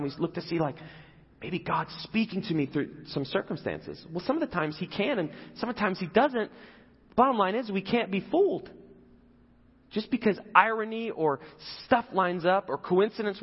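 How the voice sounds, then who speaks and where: A male pastor preaches in a lively, up-and-down voice, chatty and full of questions to the crowd. His voice sounds slightly husky, with a long hall echo. The audio is dull and lo-fi. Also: high-pitched. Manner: conversational, asks the audience questions. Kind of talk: sermon.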